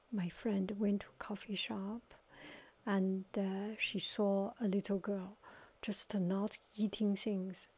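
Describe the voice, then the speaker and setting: Woman, soft-spoken ASMR storytelling, halting, half whispered, mellow fry-edged tone. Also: medium pitch. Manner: halting, searching for words; partly whispered. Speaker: watercolor ASMR artist.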